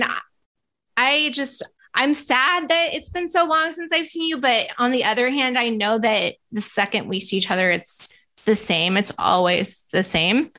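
A woman in her thirties hosts a podcast in a relaxed, chatty way, her voice pitched a little high. She gushes over her guest and breaks into laughter often. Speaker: podcast host. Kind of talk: casual chat.

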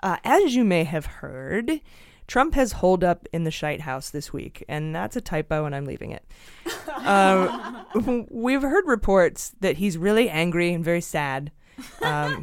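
A woman hosting a podcast in casual chat, playful and quick to laugh. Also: low voice, clear, resonant tone, dry recording. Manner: playful, laughs often, reads jokes aloud. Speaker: podcast host.

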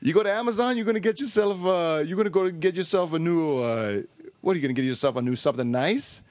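A podcast host voicing a brash stereotyped Italian-American man, with an exaggerated accent and broken grammar in a playful ad pitch. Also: very fast, a little mellow, no echo, close to an everyday voice. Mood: hammy.

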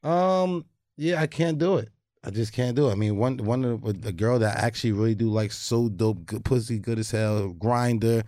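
A man co-hosting a casual podcast, laid-back and crude, often trailing off into low mumbles. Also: normal speed, dark tone, no echo, clean studio sound. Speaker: podcast co-host.

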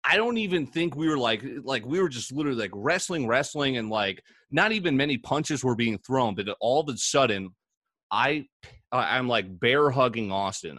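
A young man in his twenties casually telling a story to a friend, relaxed, full of fillers and swearing. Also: medium pitch, no room sound. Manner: laid-back, swears, lots of "like".

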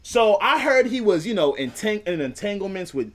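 A man's voice: high voice, very animated, moderate pace. A man co-hosting a podcast, telling a story in a teasing, joking way with playful mock-preacher asides. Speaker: podcast co-host. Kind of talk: casual chat.

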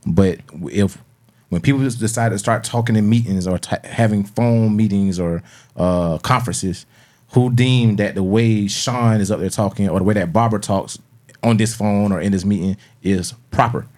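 Man, low voice, casual podcast talk, loose rambling questions, salty language. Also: moderate pace, a little mellow. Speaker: podcast co-host.

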